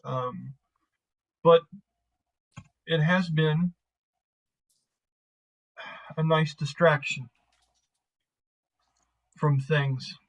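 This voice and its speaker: A man voicing a weary, guarded crew leader who speaks hesitantly, with many halting pauses. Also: on the high side, steady tone, creaky, exaggerated voice. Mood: quiet, earnest. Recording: muffled lo-fi mic.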